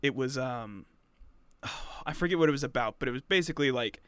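A man's voice: medium pitch, lively intonation, fairly quick, smooth, no echo. A young man co-hosting a podcast, chatting in an easygoing way that trails off into fillers. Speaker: podcast co-host. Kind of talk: casual chat.

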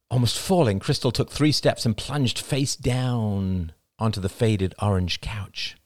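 A man narrating an audiobook in an expressive, scripted style. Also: lowish voice, a little slow, dry recording, studio quality.

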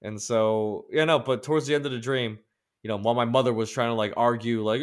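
A male podcast co-host with a medium-pitched voice talks fast, telling a long story in a rambling, profanity-heavy manner. The setting is casual chat.

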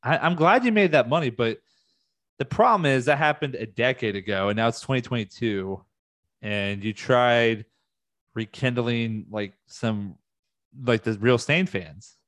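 A man rants at the camera as a music fan, heated and swearing freely. His pitch sits in an ordinary middle range and often leaps high when he gets worked up. The sound is dry and close, with no room echo. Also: unhurried, a bit bright. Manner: heated, profane, with sudden high-pitched outbursts. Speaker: music fan ranting on video. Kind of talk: casual rant.

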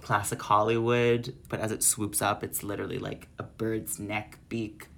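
A man co-hosting a podcast in casual chat, relaxed and descriptive, often trailing off. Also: on the low side, normal speed, vocal fry. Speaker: podcast co-host.

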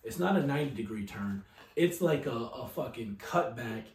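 Dude swearing nonstop while telling a story, mic a bit far off, roomy echo. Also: male voice, mid-range voice, moderate pace. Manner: profane, animated storyteller, mimics voices. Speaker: podcast co-host. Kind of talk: casual storytelling chat.

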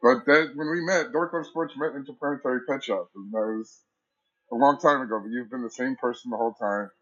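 A man's voice: medium pitch, brisk, fairly bright tone. A man giving a proud, slightly rambling tribute to a friend. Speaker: community member. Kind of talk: casual tribute. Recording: dull lo-fi audio.

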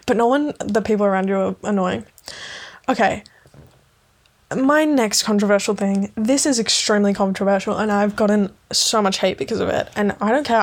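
A young woman hosting her own podcast, rambling casually through a story, swearing freely and filling her talk with "like". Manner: chatty, swears freely, lots of "like" fillers; acts out quoted lines with raised pitch. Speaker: podcast host.

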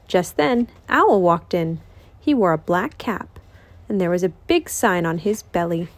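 As host of a reading channel, a woman reads a children's picture book aloud. Her lowish voice is expressive and lilting, and she takes her time.

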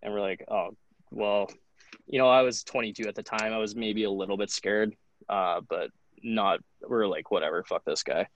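A man's voice: fairly low pitch, fairly even intonation, normal speed, poor audio. A young man in his twenties, a podcast guest telling a story in a loose, profane, casual way, full of "like". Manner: loose, profane, heavy use of "like". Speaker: podcast guest, hockey goalie.

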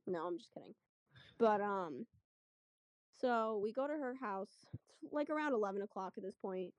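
A young woman telling a story in casual chat, chatty and animated, acting out what people said. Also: medium pitch, normal speed, dry recording. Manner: chatty, animated retelling with quoted voices. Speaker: guest storyteller.

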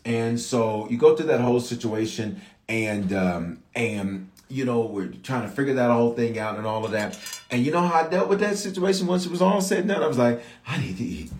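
A pastor preaching a sermon, telling stories in a loose, conversational way and jumping up in pitch to drive his points home. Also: a little fast, roomy sound. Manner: conversational storytelling with rising shouts of emphasis.

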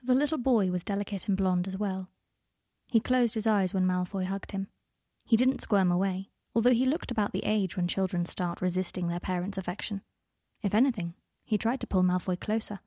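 A woman narrating a story in a calm audiobook reading, with a breathy voice. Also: mid-range voice, a little fast, no echo, clean studio sound.

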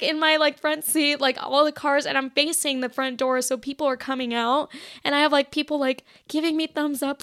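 Young woman, high voice, vocal fry, casual confessional chat, filler-heavy, close dry mic. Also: a bit bright, no echo. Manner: chatty, heavy "like" filler, acts out her own past lines. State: shaky, emotional. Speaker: podcast host.

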